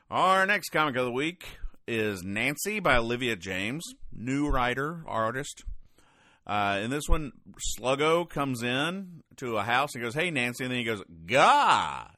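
A man's voice: mid-range voice, very animated, moderate pace, bright, forceful tone, dry recording. A man hosting a comedy podcast, reading and explaining comic strips in a wry, rambling way, often stopping to correct himself. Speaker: podcast host.

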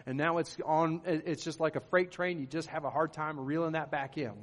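A man's voice: fairly high pitch, fairly even intonation, a little fast, a bit bright, big-room sound. A middle-aged man, a pastor, preaching a sermon in an earnest, conversational way, with rising emphatic bursts.

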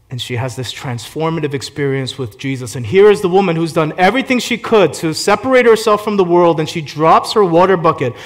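A man preaching a sermon as a pastor, shifting from gentle hushed passages to loud fervent climaxes. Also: on the high side.

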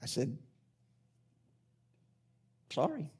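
A man preaches in a notably high voice. He wanders through a personal story with many restarts, then drives his points home with forceful repetition. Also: wildly swooping pitch, drawn-out words, husky. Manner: rambling storyteller, building to emphatic repetitive preaching. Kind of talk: sermon.

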